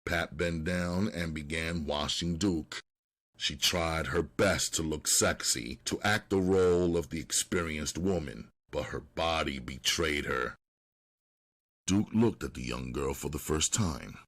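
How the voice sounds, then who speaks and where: Very deep husky male audiobook narrator. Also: unhurried, a bit bright.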